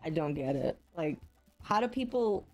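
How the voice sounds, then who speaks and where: Young woman, podcast co-host, rambling casual chat, halting restarts, faint music underneath. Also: low-pitched, big pitch swings, darkish tone.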